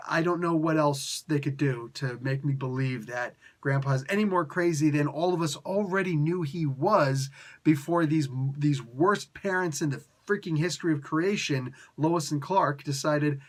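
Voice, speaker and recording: A man's voice: fairly high pitch, unhurried. A man giving a casual spoken comic book review, ranting and sarcastic, exasperated with the story.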